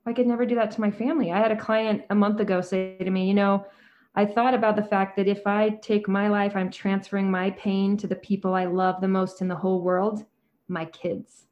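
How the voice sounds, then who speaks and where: A woman in her forties, a therapist talking calmly and earnestly, often acting out her own conversations. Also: mid-range voice, a little fast, muffled recording. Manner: calm, soft-spoken, quotes herself in dialogue. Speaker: therapist and guest.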